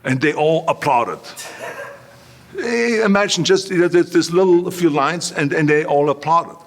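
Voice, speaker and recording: A man's voice: on the high side, a little slow. Austrian guy in his 60s, german native, guest telling stories, punchy, repeats himself. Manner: emphatic, repeats phrases, acts out quotes. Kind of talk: storytelling interview.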